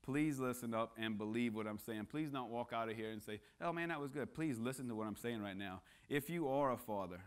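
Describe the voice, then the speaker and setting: A man's voice: mid-range voice, a little fast, few pauses. A man speaking as a guest at church, preaching a casual sermon that mixes jokes with earnest appeals and frequent restarts. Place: church sanctuary.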